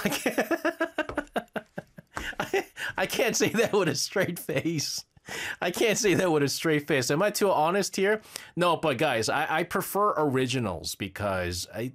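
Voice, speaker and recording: A man's voice: fairly high pitch, a bit bright. A male radio host chatting casually on air, rambling, breaking off mid-thought and laughing often, in a radio studio.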